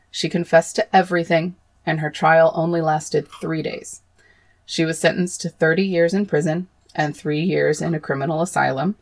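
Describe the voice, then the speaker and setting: True crime podcast lady, low gravelly fry voice, swears a lot when grossed out. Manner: blunt and swearing, with horrified outbursts. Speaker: podcast host.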